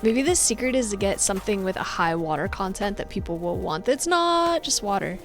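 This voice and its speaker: Expressive and fairly quick, this medium-pitched young woman streams on Twitch with soft background music. She chats casually with her viewers, bossy and laughing, and acts out what people say.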